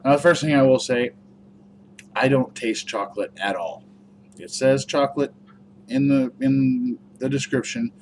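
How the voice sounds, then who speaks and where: A man's voice: mid-range voice, fairly even intonation, a little slow, darkish tone, a little hiss or hum. A man giving a casual, rambling review vlog, chatty and full of fillers. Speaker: product reviewer.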